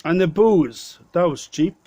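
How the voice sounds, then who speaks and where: A man's voice: sits high, lively intonation, a little slow, warm tone, breathy edge, no room sound. A Welsh man with a stutter, telling a rambling holiday story to camera in a pub. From Wales. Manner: stuttering, rambling, self-correcting. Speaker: vlogger. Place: local pub.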